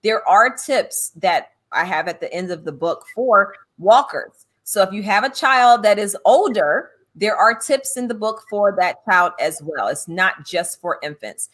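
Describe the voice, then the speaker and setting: A woman hosting a podcast, telling funny parenting stories in a casual, animated way and acting out quotes. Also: mid-range voice, measured pace, few pauses. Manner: animated, laughing, acts out quotes. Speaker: podcast host and author. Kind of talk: casual chat, storytelling.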